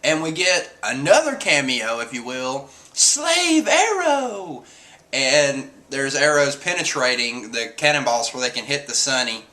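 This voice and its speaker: A man's voice: medium pitch, normal speed, few pauses, bright, forceful tone. A man reviewing a comic chapter in a casual, chatty, amused retelling. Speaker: manga reviewer.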